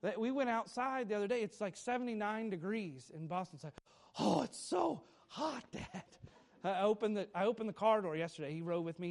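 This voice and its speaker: A man's voice: sits high, darkish tone. A man in his thirties preaching a sermon as pastor, telling family stories with sudden emphatic bursts.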